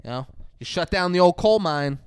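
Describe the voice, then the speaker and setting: A man co-hosting a podcast, casually and profanely recapping a movie with animated asides. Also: high-pitched, moderate pace, clean tone, dry recording. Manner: profane, animated retelling with mock voices. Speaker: podcast co-host. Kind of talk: casual movie review chat.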